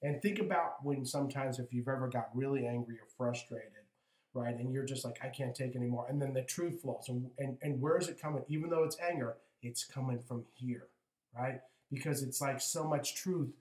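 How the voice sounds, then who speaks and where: A man's voice: mid-range voice, normal speed, darkish tone. A man in his fifties giving a conversational motivational spiritual talk as a coach, often breaking off to ask "right?". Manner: conversational, with frequent "right?" asides and restarts. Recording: echoey room.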